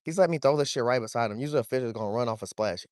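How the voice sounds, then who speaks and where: A young man, talking to his chat while wading and fishing, swearing freely and getting excited over a fish. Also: medium pitch, very fast, no room sound, studio quality. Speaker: fishing vlogger. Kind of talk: casual vlog narration while wading. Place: outdoors, wading in a shallow creek.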